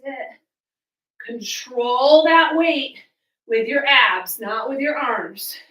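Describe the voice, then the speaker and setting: A woman's voice: high-pitched, takes it slowly, a bit bright, echoey room, recorded from a distance, poor audio. A woman fitness coach, out of breath, counting reps and cueing moves while she exercises along in a small room at home. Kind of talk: coaching a live home workout.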